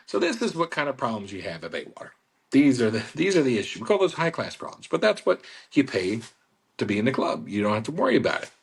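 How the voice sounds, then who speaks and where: A man talking casually on a radio show, pitching his boat club in a chatty, salesy way and repeating the phone number. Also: big pitch swings, fast, gravelly, slightly rough. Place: radio studio.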